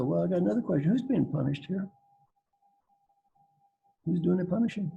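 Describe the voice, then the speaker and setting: An older man from Kentucky speaks in a folksy, joking manner, often repeating a phrase to drive it home. His voice is gravelly and husky, with a dark, mellow tone. He speaks as a guest on a coaching panel. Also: high-pitched, animated, moderate pace, pauses often, muffled recording. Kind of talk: casual storytelling on a video call panel.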